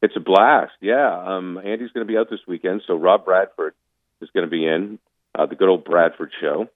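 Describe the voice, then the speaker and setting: A man's voice: low-pitched, normal speed, no room sound. A man calling in as a sports commentator, talking in a casual interview with emphatic, opinionated rants. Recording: tinny phone line.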